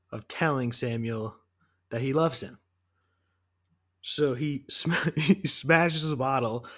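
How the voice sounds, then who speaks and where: Enthusiastic man in casual podcast chat. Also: medium pitch. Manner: enthusiastic, profane, rambling. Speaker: podcast co-host.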